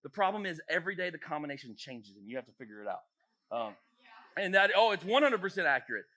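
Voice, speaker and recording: Youth pastor, male, quick and bright; playful, animated delivery. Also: on the high side. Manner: jokey, animated, acts out voices. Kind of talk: casual talk to teens. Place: church youth room.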